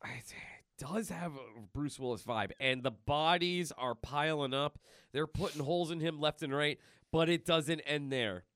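Bright-voiced excited man on a podcast. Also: fairly high pitch, unhurried, no echo. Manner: excited, rambling, many fillers. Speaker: podcast co-host. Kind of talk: casual chat.

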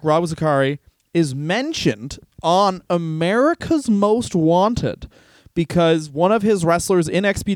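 A man with a high voice, swearing and joking in quick casual banter as a podcast co-host. The sound is close and dry, with no room around him. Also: no echo. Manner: profane, fast, riffing. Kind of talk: casual comedy chat.

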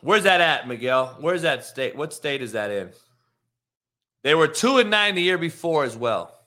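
Coach guy ranting, swears a ton, mocking, bright punchy voice that jumps all over. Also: on the high side, expressive, normal speed. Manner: blunt and mocking, swears often. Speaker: football coach and show host. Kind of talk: casual profane rant.

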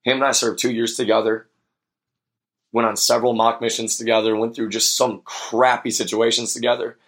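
A man's voice: medium pitch, little pitch movement, normal speed, fairly bright tone, breathy edge. A young man hosting a podcast, telling a personal story in an earnest, reflective way with many fillers. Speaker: podcast host.

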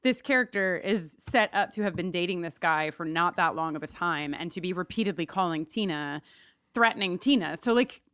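A woman's voice: on the low side, animated, a little fast, fairly bright tone, clear, resonant tone, no room sound, clean studio sound. A woman co-hosting a podcast, chatting casually and animatedly while recapping a TV episode. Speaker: podcast co-host.

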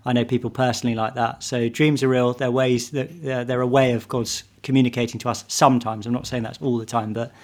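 A man's voice: mid-range voice, little pitch movement, a little fast, few pauses. A man, a vicar, talking as a podcast guest, often restarting and repeating words as he thinks aloud. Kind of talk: casual podcast conversation.

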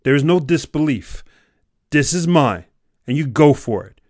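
A man hosting a motivational podcast, speaking intensely, alternating between loud exhortation and hushed, close delivery. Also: fairly high pitch, expressive, a little slow, no echo. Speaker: podcast host. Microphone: podcast microphone.

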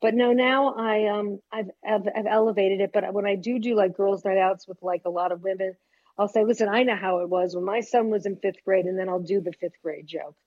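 A woman's voice: mid-range voice, fairly even intonation, brisk, darkish tone. An older woman stand-up comic trading brash stories and punchlines in a casual interview. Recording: dull lo-fi sound.

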